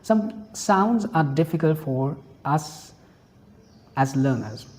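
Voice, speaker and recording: An English teacher from India with an Indian accent giving a pronunciation lesson, explaining points patiently, repeating them and spelling out examples slowly. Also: medium pitch, lively intonation, darkish tone.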